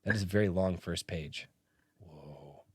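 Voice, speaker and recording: A man's voice: deep voice, a little slow, breathy edge, dry recording, studio quality. A man hosting a podcast, chatting animatedly with a swearing habit and doing a dramatic book reading. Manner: animated, swears freely, jumps into put-on voices for quotes. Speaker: podcast host.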